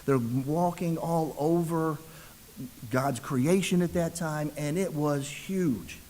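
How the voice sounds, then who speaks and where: A man's voice: a little high, slow, darkish tone, slight background noise, poor audio. A man preaching a sermon as a ruling elder, telling the story conversationally and acting out the voices in quotes.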